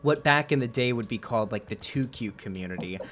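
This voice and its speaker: A man's voice: mid-range voice, animated, a little fast, background noise. Rambling man hosting a casual debate. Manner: rambling, many fillers, restarts. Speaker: host.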